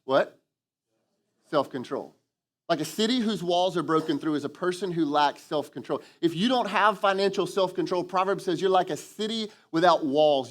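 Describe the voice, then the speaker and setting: High-voiced man preaching a sermon. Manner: lively preaching, acts out quoted voices, call and response with congregation. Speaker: pastor. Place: church sanctuary.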